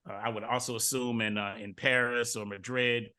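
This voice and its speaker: A middle-aged man from Detroit hosting a podcast interview, telling stories in a relaxed way and often repeating words as he goes. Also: mid-range voice, normal speed, clean tone. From Detroit, USA. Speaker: podcast host. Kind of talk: casual interview chat.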